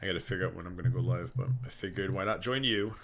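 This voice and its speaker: A man's voice: low-pitched, rapid-fire, fairly bright tone. A man guesting on a casual stream, rambling chattily through profane anecdotes. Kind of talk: casual storytelling chat.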